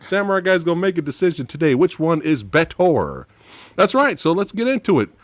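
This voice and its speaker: A man hosting a casual movie-review chat, animated and laughing often, his voice dropping low at the end of phrases. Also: a little fast, dry recording. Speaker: podcast host.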